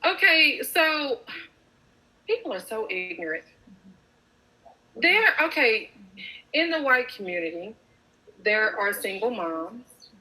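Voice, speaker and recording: A woman's voice: a little high, sing-song, slow pace, long pauses, sharp tone, low-quality recording. A mother speaking with impassioned emphasis in a casual group discussion.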